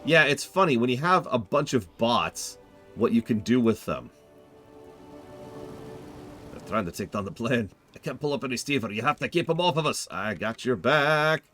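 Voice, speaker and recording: A man's voice: mid-range voice, expressive, moderate pace, a bit bright, faint music behind. A man giving casual, opinionated commentary while streaming a game, joking with his chat.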